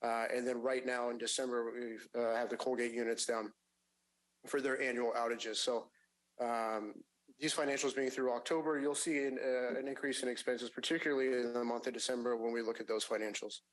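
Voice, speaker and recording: A man's voice: medium pitch, little pitch movement, poor audio. Man presenting financials at a public meeting. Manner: measured, frequent fillers and restarts. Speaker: agency finance staff presenting a report. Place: public agency meeting room.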